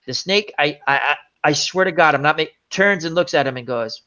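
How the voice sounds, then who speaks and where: A man's voice: a little high, a little fast, hardly any pauses. A man hosting a casual chat show, telling a long rambling story with lots of asides. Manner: rambling, animated anecdote with many asides. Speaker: host. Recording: dull lo-fi audio.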